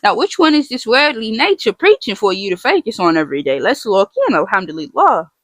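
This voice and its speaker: A woman's voice: medium pitch, big pitch swings, a little fast, fairly bright tone, no room sound. Earnest woman repeating her points. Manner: earnest, emphatic, repeats phrases for emphasis; asks the listener rhetorical questions. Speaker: vlogger teaching about the names of God. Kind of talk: casual faith talk to viewers.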